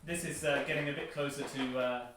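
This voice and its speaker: A man's voice: medium pitch, fairly even intonation, fairly quick, noisy background. A man with an English accent hosting a casual livestream chat about board games, hesitant and full of fillers. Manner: hesitant, lots of fillers and restarts. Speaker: board game company host. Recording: echoey room, distant mic.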